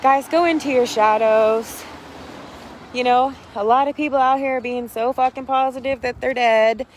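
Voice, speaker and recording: A woman vlogging in a casual, preachy style, talking bluntly with lots of swearing and emphatic repetition. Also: on the high side. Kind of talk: casual spiritual vlog talk.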